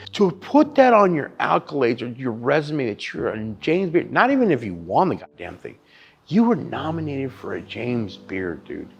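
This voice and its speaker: A man's voice: medium pitch, wildly swooping pitch, moderate pace, gravelly, breathy edge, muffled recording. A man, a barbecue pitmaster and chef, telling his story in a casual interview with emphatic, profane talk. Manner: emphatic and profane, calls the listener dude and bro.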